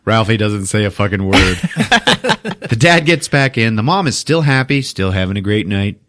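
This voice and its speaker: A man hosting a podcast, telling a film's plot in a profane, animated comic style. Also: on the low side, moderate pace. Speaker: podcast host. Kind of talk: comedic movie recap.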